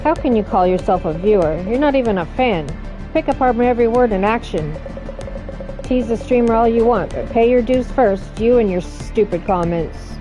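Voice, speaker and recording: A woman's voice: a little high, lively intonation, moderate pace, highs cut off, music in the background. A woman reading a game's dialogue aloud, voicing every character in turn with dramatic reads. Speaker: let's play narrator reading all characters.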